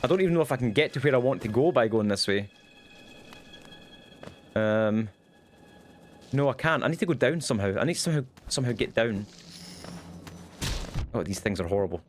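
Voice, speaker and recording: A young man chatting casually while streaming a game, goofy and quick, with lots of ums. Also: medium pitch, lively intonation, slight background noise. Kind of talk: casual livestream chat while gaming.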